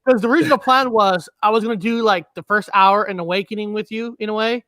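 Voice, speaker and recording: Easygoing male host, high voice, dry close recording. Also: fast talker, bright, forceful tone, no echo. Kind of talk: casual chat.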